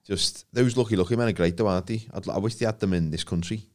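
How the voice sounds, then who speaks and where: A man's voice: fairly low pitch, fast talker. A man, co-hosting a podcast in jokey, casual chat. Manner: jokey, swears freely, laughs a lot. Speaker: podcast co-host.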